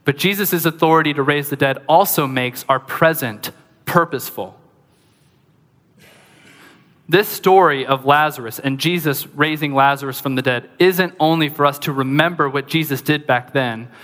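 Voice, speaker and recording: A man preaching a sermon as pastor, lively and conversational, with joking asides to the congregation. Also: a little high, normal speed, in a large hall.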